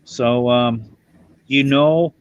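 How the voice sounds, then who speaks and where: A man's voice: medium pitch, fairly even intonation, drawn-out words, clean tone, lo-fi sound. A man from Ireland hosting a casual livestream chat, blunt and self-mocking in how he talks. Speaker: livestream host.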